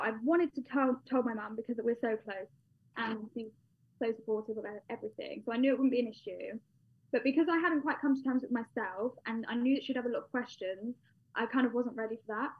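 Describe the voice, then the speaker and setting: A young British woman telling a personal story in a casual, chatty way, with many fillers. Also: on the high side. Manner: chatty, with frequent fillers and laughs. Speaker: guest. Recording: dull lo-fi sound.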